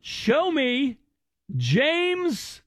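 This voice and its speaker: High-voiced joking male radio host. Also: very slow, no room sound. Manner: joking, teasing, energetic. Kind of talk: radio call-in game banter.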